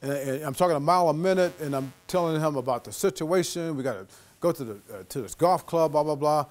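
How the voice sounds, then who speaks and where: Man, guest lecturer, storytelling, animated, a bit high-pitched, acts out voices. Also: fast.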